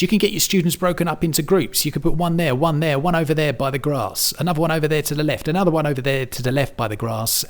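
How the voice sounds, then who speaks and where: A man teaching English word stress in a chatty, self-deprecating demonstration, thinking aloud as he works through a virtual reality app. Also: medium pitch. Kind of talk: demonstration tutorial.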